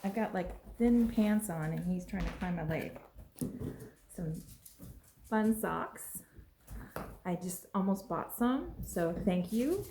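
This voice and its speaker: A woman vlogging as she unboxes a package at home, gushing and exclaiming excitedly over each item. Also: mid-range voice, slow pace, pauses often, a little hiss or hum. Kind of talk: casual unboxing vlog. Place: at home with a pet. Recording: echoey room.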